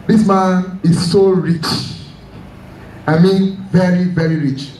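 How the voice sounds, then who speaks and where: Preacher man, high voice, far from the mic, echoey church sound. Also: fairly even intonation, takes it slowly, dark tone. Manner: emphatic storytelling, repeats key phrases. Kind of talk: sermon.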